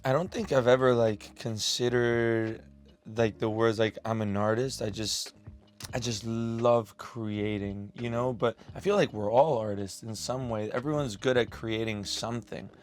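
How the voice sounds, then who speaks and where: A man's voice: mid-range voice, measured pace, soft background music. Man chatting, filler-heavy. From Colombia. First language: Spanish. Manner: relaxed, many "like" fillers, reflective. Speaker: musician guest. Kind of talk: casual interview chat. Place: studio.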